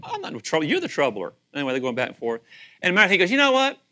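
A middle-aged man preaching a sermon, animated, acting out voices and questioning his listeners. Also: on the high side, rapid-fire. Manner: animated, acts out voices, asks audience questions. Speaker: pastor.

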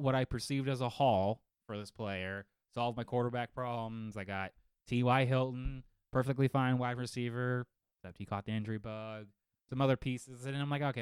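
Man, casual podcast chat, animated, profane, smooth voice, dry sound. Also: medium pitch, no room sound. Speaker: fantasy football podcast co-host. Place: home studio living room.

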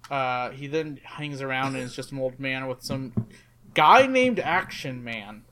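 A man's voice: mid-range voice, animated, unhurried, pushed and bright. A man co-hosting a podcast, rambling through comic lore with lots of fillers and enthusiasm. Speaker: podcast co-host. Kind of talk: casual chat.

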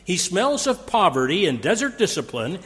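A man's voice: sits high, very animated, moderate pace, a bit bright, big-room sound. A man preaching a sermon, dramatic in delivery, quoting scripture with raised force. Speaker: pastor. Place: church sanctuary.

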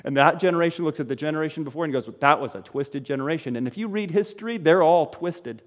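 Animated high-voiced preacher in reverberant hall. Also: male voice, fast. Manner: animated, rhetorical questions, shifts between loud exclamations and low quiet asides. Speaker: pastor. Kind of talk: sermon.

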